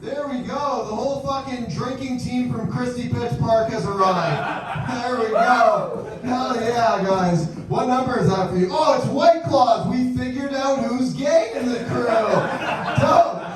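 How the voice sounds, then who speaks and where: A brash, profane male comedy host teasing the audience between laughs. His voice sits high, and it booms around a very reverberant venue. He is picked up from a distance, with the crowd loud behind him. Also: measured pace. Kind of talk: live stand-up crowd work. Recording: echoey room, mic heard from afar. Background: crowd reactions.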